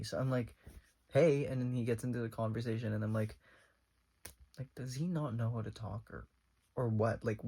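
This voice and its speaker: A young man vlogging a casual storytime, rambling and animated, with lots of fillers as he retells a conversation. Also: medium pitch, husky.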